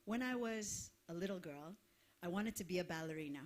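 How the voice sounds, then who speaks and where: A woman's voice: lowish voice, animated, brisk. A woman, a singer talking between songs to a live concert audience in a playful, effusive way. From Israel. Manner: effusive and playful, laughing and gushing to the crowd.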